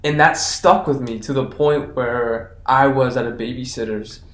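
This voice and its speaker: A man's voice: mid-range voice, fairly even intonation, unhurried, background noise. A young man co-hosting a podcast, chatty and curious, asking lots of questions. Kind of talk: casual chat. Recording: roomy echo.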